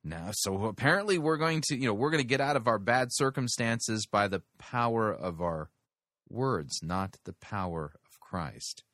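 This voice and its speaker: Deliberate, critical man with a low, forceful voice. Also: lively intonation, no room sound, clean studio sound. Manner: deliberate, critical, stresses key words. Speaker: podcast host critiquing a sermon. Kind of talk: commentary.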